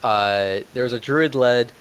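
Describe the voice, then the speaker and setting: A man's voice: medium pitch, measured pace, smooth. A man playing in a tabletop game, recapping hesitantly and joking as he searches for words. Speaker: player.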